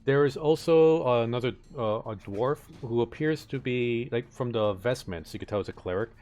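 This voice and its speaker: A man narrating as game master for a tabletop game, halting and full of fillers and restarts. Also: medium pitch, darkish tone.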